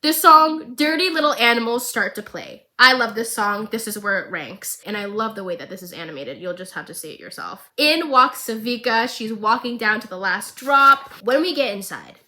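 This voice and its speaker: Bubbly bright-voiced woman vlogger. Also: a little high, moderate pace, hardly any pauses. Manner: excitable, jokey, dramatic. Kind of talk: chatty animated-show recap.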